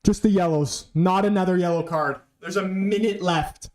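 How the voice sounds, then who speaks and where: A man reacting live to a football match, excitable and pleading, swearing often, in a fan watch-along. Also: high voice, moderate pace. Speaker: fan streamer.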